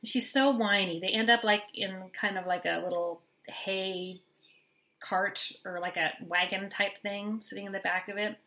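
Bright, gossipy middle-aged woman. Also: medium pitch, fairly even intonation, a little slow. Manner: chatty, gossipy, acts out quotes. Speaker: podcast co-host and mother. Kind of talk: casual reality-TV recap chat.

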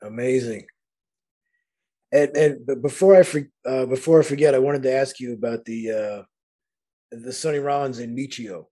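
A man hosting a podcast interview, enthusiastic and halting, often restarting his sentences. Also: medium pitch, mellow, slightly rough. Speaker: podcast host. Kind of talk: casual interview chat.

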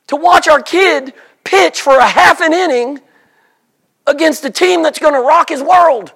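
A man preaching a sermon, animated, slipping into mock voices for the people he describes. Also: very high voice, unhurried.

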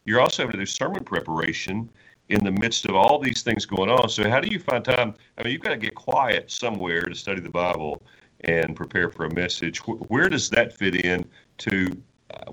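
A man's voice: deep voice, sharp tone, rough recording. A male interviewer asking a pastor eager, playful questions, often restarting as he goes. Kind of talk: conversational interview.

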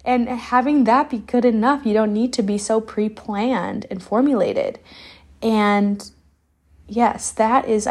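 A woman's voice: mid-range voice, gravelly, a little mellow. A young adult woman, hosting a solo podcast in a loose, candid, rambling way with lots of "like". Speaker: podcast host.

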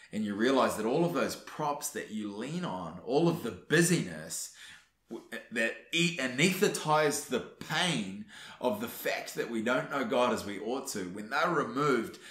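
Man, devotional teacher, earnest and urging, low voice, roomy echo. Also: a bit bright. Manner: earnest, urging, with frequent fillers and restarts. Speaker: Christian teacher.

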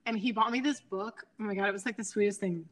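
A woman in her thirties talks animatedly as a guest in a relaxed interview, her voice sitting at an ordinary middle pitch. She is chatty and quick to laugh, and she fills her sentences with likes and restarts. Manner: animated, chatty, laughs often, many fillers. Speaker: guest, nonprofit founder. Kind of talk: casual interview chat.

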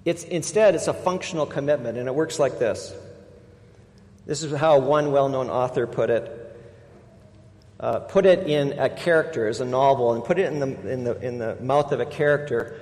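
A man preaching a sermon as pastor, with emphatic stresses that swing between loud, drawn-out words and quiet asides. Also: medium pitch. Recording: long reverb of a large hall.

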